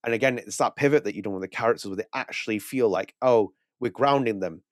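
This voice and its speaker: A man's voice: on the low side, fast talker, no echo, studio quality. A man co-hosting a podcast, reviewing a game in casual chat, rambling with restarts and quoted asides. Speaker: podcast co-host.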